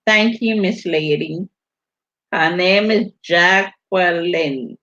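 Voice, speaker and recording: A woman with a Virgin Islands accent chats through a casual livestream and reads out viewer comments. She speaks in a slow, drawn-out way. Her audio sounds dull and lo-fi. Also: lowish voice, a bit bright. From US Virgin Islands (St. Thomas). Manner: unhurried, drawn-out delivery while reading viewer comments. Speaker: livestream host.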